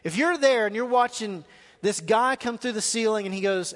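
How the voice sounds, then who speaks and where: A man's voice: high-pitched, fairly quick, long reverb tail. A man preaching a live sermon as pastor, asking the congregation questions as he goes. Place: church hall.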